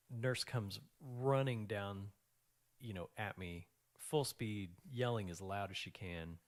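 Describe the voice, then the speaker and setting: A man in his forties, a guest in a casual interview, telling rambling, animated stories with lots of fillers. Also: deep voice. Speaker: guest, financial planner.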